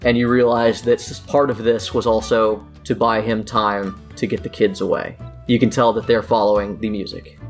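A man running a tabletop game as game master, narrating scenes in a relaxed, chatty way and laughing often. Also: on the low side, moderate pace, faint music behind.

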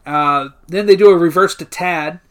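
At normal speed and in a slightly high voice, a male podcast co-host casually retells a movie's plot step by step, cursing freely and laughing often as part of a laid-back recap chat.

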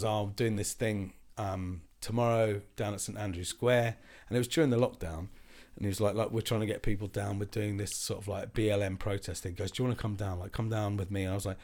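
A man in his forties spins a rambling, animated anecdote with a fairly low voice. He swears freely and pitches up to act out the people in his story. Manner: animated, swearing, acts out other people's lines in raised voices. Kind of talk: casual storytelling.

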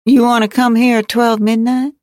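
A woman's voice: fairly high pitch, flat delivery, moderate pace, darkish tone, dry recording, clean studio sound, pitched above the performer's own voice, lightly acted. A woman reading a book aloud, voicing a grumpy, bossy middle-aged man who chides and talks slangy and defiant. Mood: scolding.

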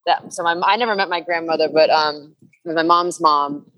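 A woman's voice: deep voice, steady tone, normal speed, lo-fi sound. A woman from New Jersey, a musician guest, talking earnestly in an interview with many fillers and restarts. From New Jersey, USA. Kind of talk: candid interview conversation.

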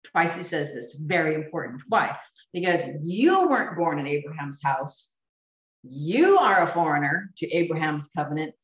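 Woman Bible teacher, lower voice, animated and eager, recorded from afar, dull sound. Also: normal speed. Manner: animated, enthusiastic, laughs often. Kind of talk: Bible study teaching to a group. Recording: echoey room, mic at a distance, dull sound.

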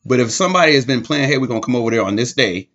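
Animated man telling stories with voices. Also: mid-range voice, rapid-fire. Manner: animated storyteller, acts out voices, laughs often. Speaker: podcast co-host. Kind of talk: casual chat. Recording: slightly dull lo-fi sound.

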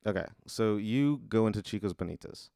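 Man, low voice, deadpan comedy storyteller, laid-back, dry close mic. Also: brisk, clear, resonant tone, dry recording. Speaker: co-host posing a hypothetical.

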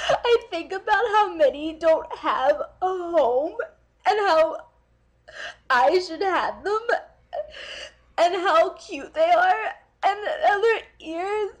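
An actress playing a nervous young woman in a dating video who keeps breaking into tears over cats, halting with many ums. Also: extremely high pitch, lively intonation, exaggerated voice. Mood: tearful gushing. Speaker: comic dating video character. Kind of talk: comedic video monologue.

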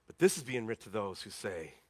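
A man preaching a sermon, telling stories dramatically and swinging from loud emphasis to hushed tones. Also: on the low side, very animated, fast, dry recording. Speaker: pastor.

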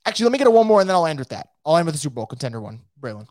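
Fast-talking, excitable podcast host man. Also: fairly high pitch, no echo, clean studio sound. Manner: fast, excitable, emphatic, repeats words. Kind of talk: casual live sports talk, reading viewer comments.

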